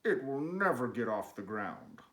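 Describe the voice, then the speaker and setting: A gloomy toad who drags his words out and sounds ready to quit. He's done by a man reading a storybook aloud. The voice sits a little low in a roomy, echoing space. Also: sing-song, fairly bright tone. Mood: dejected. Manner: slow, dejected. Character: glum, easily discouraged male toad. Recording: roomy, echoey room.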